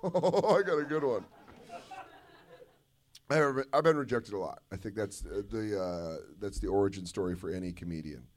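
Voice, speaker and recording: Profane, animated male comedian telling stories. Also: fairly low pitch, normal speed. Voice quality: profane, animated, slips into mocking voices. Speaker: comedian guest. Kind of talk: loose comic storytelling. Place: live podcast taping on stage.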